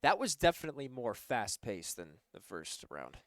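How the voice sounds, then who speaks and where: A young man casting a college esports match, calling plays in a loose, excitable way with lots of fillers. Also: mid-range voice, normal speed, no room sound, studio quality. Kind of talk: play-by-play commentary.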